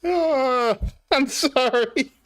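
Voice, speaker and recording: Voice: high voice, extremely slow, a bit bright. A game streamer talking casually to live viewers, flustered, apologetic and laughing at their own mistake.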